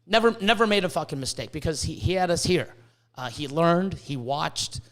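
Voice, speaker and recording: A man's voice: fairly high pitch, animated, normal speed, a bit bright. A man hosting a podcast in casual chat, swearing a lot and stumbling over repeated words as he makes emphatic points. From Canada. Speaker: podcast host.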